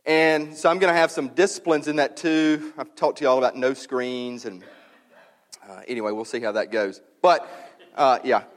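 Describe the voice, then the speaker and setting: A man's voice: medium pitch, steady tone, long reverb tail. A man, a pastor talking to his congregation in a casual, candid way with many fillers. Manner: casual and candid, many fillers, reads a passage aloud slowly. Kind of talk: sermon announcement, conversational.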